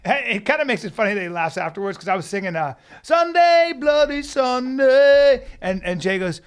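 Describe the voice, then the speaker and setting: High-voiced, loud man repeating punchlines. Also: expressive, quick pace. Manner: loud, laughing, repeats his lines. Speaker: podcast co-host. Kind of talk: casual comedic banter.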